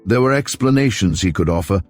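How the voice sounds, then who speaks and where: A man narrating a mystery novel as an audiobook, steady and measured. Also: lowish voice, soft background music. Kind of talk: scripted narration.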